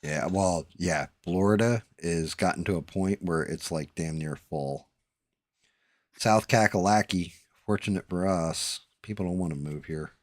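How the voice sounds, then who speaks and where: Male host, very low voice, salty casual storyteller, dry mic. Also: unhurried, dry recording. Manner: profane storytelling, drawling. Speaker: streamer host. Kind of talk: casual chat.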